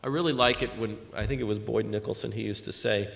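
A man preaching a sermon, animated and emphatic, acting out conversations as he teaches from scripture. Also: on the low side, fast talker, gravelly, few pauses. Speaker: preacher teaching a Bible passage. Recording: long reverb of a large hall.

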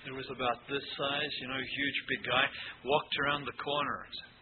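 A man's voice: mid-range voice, level tone, moderate pace. A South African man, an ordained minister, telling his personal testimony in a storytelling way with dry sarcasm. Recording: tinny phone-like recording with background noise.

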